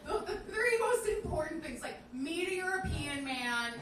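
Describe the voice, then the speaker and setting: High-voiced young woman doing stand-up, echoey. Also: lively intonation, moderate pace, fairly bright tone. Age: 20s. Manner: chatty, filler-heavy, self-deprecating. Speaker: stand-up comedian. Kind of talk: stand-up storytelling. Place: comedy club stage. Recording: echoey club from a distance with noise.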